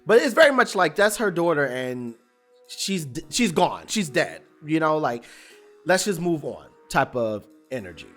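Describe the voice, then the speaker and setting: A man's voice: on the high side, normal speed, faint music behind. Casual, slang-heavy male recapper. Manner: animated, colloquial, rambling with restarts. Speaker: TV episode recap reviewer.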